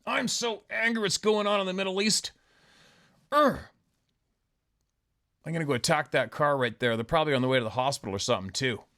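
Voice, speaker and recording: A man's voice: a little high, animated, brisk, pauses often, a bit bright, voice pushed up. A man putting on the voice of an angry male protester in a sneering, whiny mockery. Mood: mock fury.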